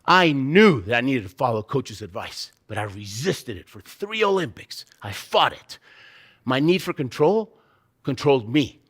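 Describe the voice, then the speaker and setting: A man's voice: mid-range voice, big pitch swings, normal speed, fairly bright tone, breathy edge. A man giving a motivational keynote, telling a vivid, dramatic story with sound effects and emphatic rhetorical questions. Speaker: keynote speaker.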